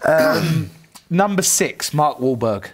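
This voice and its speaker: A man's voice: on the high side, lively intonation, slow pace, noisy background. Sweary, blunt man bantering. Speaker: rugby player guest. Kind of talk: casual podcast banter.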